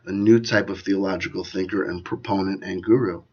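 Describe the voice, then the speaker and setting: A man with a slightly low voice talks off the cuff, wandering between points and tagging his sentences with little check-ins to the listener. The recording is dull and lo-fi, with the top end rolled off. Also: steady tone, brisk, darkish tone, husky. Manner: loose and digressive, peppered with "you know" and "okay?". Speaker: channel host. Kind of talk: rambling commentary to camera.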